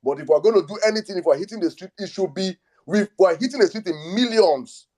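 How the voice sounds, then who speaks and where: A man leads a live online audio room. His voice sits a touch high but sounds mellow and dark. He speaks in a soothing, repetitive way. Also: fast talker. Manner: soothing, repeats calming phrases. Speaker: host. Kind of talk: live audio space discussion.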